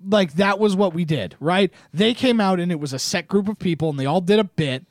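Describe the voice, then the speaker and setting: A man co-hosting a podcast from a studio, rambling and animated in casual chat, swearing and acting out silly voices. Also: high voice, a little fast, no echo. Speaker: podcast co-host. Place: radio studio.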